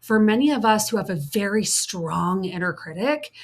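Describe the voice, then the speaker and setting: A woman coach giving an earnest teaching talk. She repeats key points for emphasis, voices the harsh inner critic, and slips into a soft, soothing tone. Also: medium pitch, expressive, moderate pace, a little hiss or hum. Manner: soft, soothing tone for self-kindness.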